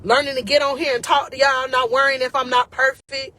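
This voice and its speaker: A woman's voice: sits high, level tone, a little fast, pushed and bright. A woman life coach giving an emotional, encouraging faith talk to her viewers, casual and often close to tears.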